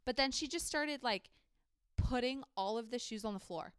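A young woman chats into a podcast mic, spinning a long story from work and leaning on "like" at every turn. Her voice is smooth and clear, and the sound is dry and close with no room around it. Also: a little high, normal speed, a bit bright, no echo. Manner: chatty, heavy use of "like", acts out quoted people. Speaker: podcast co-host. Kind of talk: casual storytelling chat.

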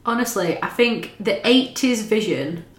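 A woman's voice: mid-range voice, animated, unhurried, echoey room. A woman, chatting casually as a podcast co-host, swearing and laughing as she talks. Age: 30s. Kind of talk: casual chat.

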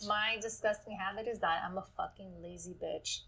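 A woman in casual conversation who speaks bluntly and frankly. She swears freely as she talks, and her delivery stays relaxed and conversational. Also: medium pitch, normal speed, gravelly, breathy edge. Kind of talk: casual chat.

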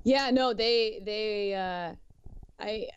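A woman's voice: medium pitch, very slow, clean tone, dry recording. A woman chatting casually on a podcast, retelling stories with frequent laughter. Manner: laughs often, lively retelling. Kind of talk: casual chat. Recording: dull, dry lo-fi sound.

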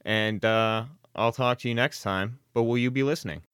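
A man's voice: medium pitch, moderate pace, a bit bright, clean tone, dry recording, clean studio sound, soft background music. A man hosting a solo podcast, rambling casually with constant swearing, self-deprecating jokes and sardonic asides. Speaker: podcast host.

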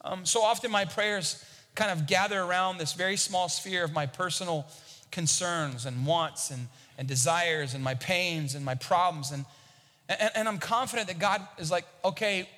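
A man's voice: sits high, normal speed, pushed and bright, in a large hall. A man preaching a sermon as a pastor, talking conversationally and often repeating a word as he starts a thought.

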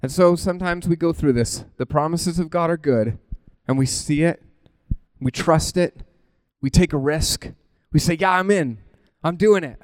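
Male preacher, conversational sermon, animated and informal, self-interrupting, slightly higher voice, dry close sound. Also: normal speed, no echo.

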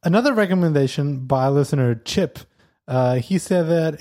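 A man's voice: on the high side, expressive, normal speed, a little mellow. A man hosting a weekly podcast, chatting casually with a co-host, laughing often and restarting his sentences.

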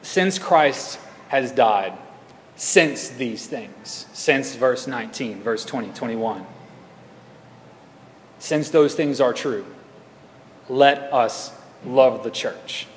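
A man's voice: medium pitch, very slow, pauses often, slight background noise. A man preaching a sermon as pastor in a conversational, rambling way that often corrects itself mid-sentence. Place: church sanctuary. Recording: echoey hall reverb.

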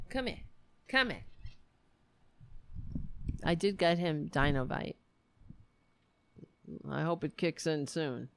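Woman, livestream host, worn out and sardonic; low, gravelly, unhurried delivery. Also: a little hiss or hum. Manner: sarcastic, profane, tired. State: exhausted. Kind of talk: casual late-night livestream chat. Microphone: desk mic at a computer.

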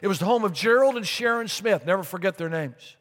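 A middle-aged man preaches from the stage of a church, his fairly high voice carrying a long reverb through the sanctuary. He tells a story with repeated phrases and lively asides, speaking into a stage microphone. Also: brisk, a little hiss or hum. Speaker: pastor. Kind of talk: sermon.

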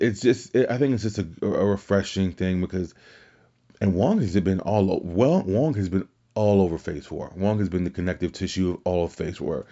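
A man's voice: sits low, mellow. A man hosting a podcast, talking casually on his own in a rambling way, with many restarts and filler words. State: tired, fighting yawns. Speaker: podcast host. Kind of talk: casual solo commentary. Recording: dull lo-fi sound.

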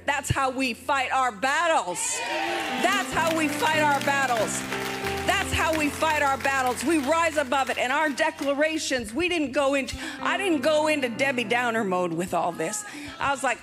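An older woman preaching a sermon, emphatic and fervent, repeating her rallying phrases. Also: fairly high pitch. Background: music.

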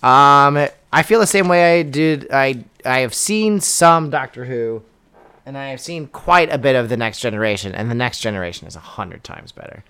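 Young guy rambling on a podcast, wry, smooth clear voice, lots of ums. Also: medium pitch, normal speed, bright, forceful tone. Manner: rambling, wry, many fillers and restarts. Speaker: podcast co-host. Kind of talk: casual chat.

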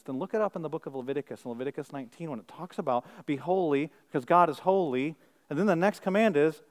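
A man delivers a sermon in a somewhat higher-pitched voice. He talks conversationally, drops into quiet asides, then climbs to loud, emphatic peaks, with a self-deprecating streak. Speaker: pastor.

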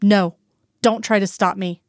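A woman's voice: medium pitch, steady tone, a little slow, darkish tone, dry recording, clean studio sound, natural voice. A woman voicing a desperate male FBI agent who is coming apart, speaking in a strained murmur in a storybook reading. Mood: anguished.

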